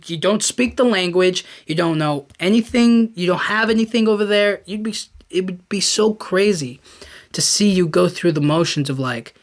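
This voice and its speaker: A man hosting a podcast, talking casually and animatedly in a rambling way, addressing the listener directly. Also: high voice. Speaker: podcast host. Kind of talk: casual commentary.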